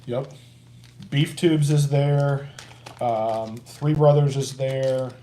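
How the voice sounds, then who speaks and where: A man with an average-pitched voice reads out viewer comments and teases his co-host in easy, casual talk. His voice carries a roomy echo, as if the mic were some way off in an open workshop. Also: steady tone, extremely slow, warm tone, a little hiss or hum. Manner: easygoing, teasing. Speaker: co-host reading chat comments.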